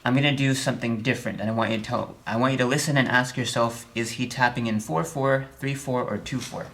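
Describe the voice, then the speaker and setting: A man's voice: mid-range voice, fast, creaky, a bit bright, a little hiss or hum. A man teaching an online music theory lesson at a piano, explaining step by step with dry humor and frequent checks of "okay?". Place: room with a piano.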